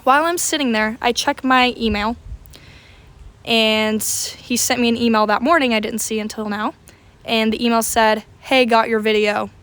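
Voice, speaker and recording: A young woman with a fairly high voice recounts a story straight to camera. She tells it in an animated, dramatic way. She swears without a second thought. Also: moderate pace. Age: young adult. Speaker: vlogger.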